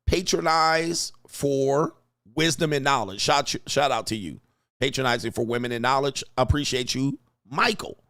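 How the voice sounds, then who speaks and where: Man, livestream host, casual, slangy, profane, joking, laughs a lot, mid pitch. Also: normal speed, fairly bright tone. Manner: loose, joking, profane, reads viewer comments aloud; laughs often, slangy street talk.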